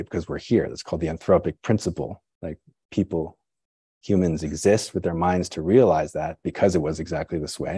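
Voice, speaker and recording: Low, husky-voiced man giving a dharma talk. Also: dark tone, dry recording, studio quality. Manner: conversational, musing, self-questioning; frequent "right?" and "you know". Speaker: Zen teacher.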